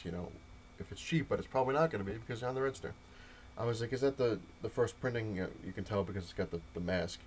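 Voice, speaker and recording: A young man with a lowish voice tells a rambling story, packed with fillers and quoted back-and-forth. A faint hum sits under the recording. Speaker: comic collector vlogger. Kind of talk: casual update rant to camera.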